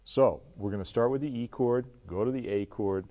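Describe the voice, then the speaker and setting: A man teaching an acoustic blues guitar lesson, talking in a relaxed way while he plays and counts along. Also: mid-range voice, moderate pace. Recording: loud guitar under the voice. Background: acoustic guitar playing.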